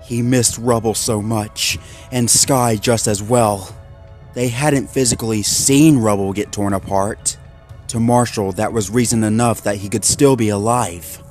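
A man reading a horror story aloud in a measured, dramatic voice-over. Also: on the low side, fairly even intonation, a little mellow. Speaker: narrator. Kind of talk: scripted horror story narration. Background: faint background music.

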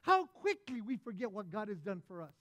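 A man preaching a sermon as pastor, retelling a parable and acting out its voices with animated delivery. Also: high voice, a little fast, no echo.

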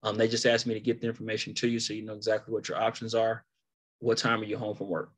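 A man's voice: on the low side, quick pace. A man giving a casual sales training talk, laid-back and laughing between points. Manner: animated storytelling.

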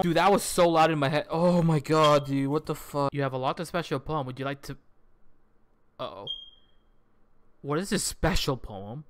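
A young man reacting loudly to a horror visual novel, his voice lively and swinging between low mumbled reading and startled high shouts. He curses freely and jumps between reading the on-screen lines and blurting reactions, with faint music playing under him. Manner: excitable, swears a lot, reads game text aloud then reacts with sudden shouts. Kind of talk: let's play commentary.

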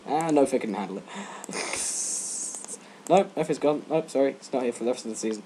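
Teen boy gamer, jokey rambling commentary, lively swoopy pitch, sudden yelps, faint typing behind. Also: brisk, slight background noise. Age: teens. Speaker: let's play gamer. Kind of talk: gaming commentary.

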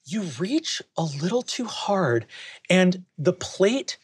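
A man narrating as game master of a tabletop game, animated and quick to laugh. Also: high voice, slight background noise. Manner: animated, lively, breaks into laughter.

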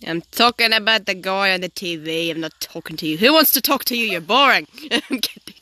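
A woman's voice: medium pitch, lively intonation, fast talker, bright, forceful tone. Playful teasing young woman. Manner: joking, teasing, playful silly voices. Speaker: video creator. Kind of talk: casual chat while building.

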